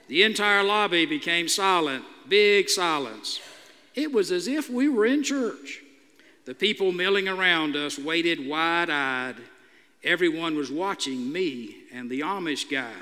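Bright-voiced man preaching with dry humor. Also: on the high side, lively intonation, a little slow, long reverb tail. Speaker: pastor. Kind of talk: sermon.

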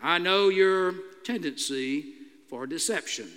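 A pastor voicing a tender, all-knowing divine speaker, soft and reassuring, in an echoey church hall. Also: male voice, on the high side, slow pace.

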